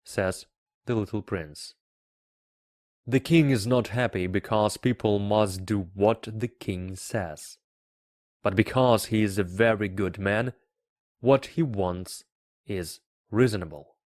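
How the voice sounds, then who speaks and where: A man teaching English by reading a children's book aloud, carefully and deliberately. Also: lowish voice, darkish tone, no room sound, studio quality. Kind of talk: slow read-aloud for learners.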